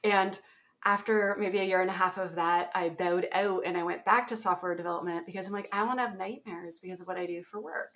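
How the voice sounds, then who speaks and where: A woman's voice: on the low side, steady tone, a little fast, fairly bright tone. Canadian woman guest, 40s, chatty storyteller who laughs a lot. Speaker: guest, application security author. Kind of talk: casual interview chat.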